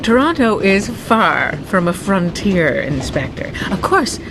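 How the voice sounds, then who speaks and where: A woman's voice: mid-range voice, sing-song, slow pace, noisy background. An actress playing a poised, dryly teasing woman doctor in a radio drama. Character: witty, self-assured woman doctor, adult.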